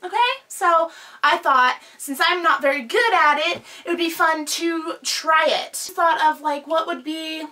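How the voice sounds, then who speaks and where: A woman's voice: very high voice, steady tone, measured pace, sharp tone, recorded from a distance. A young woman hosting her own vlog, chatting casually in a giggly, self-deprecating way. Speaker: vlogger host.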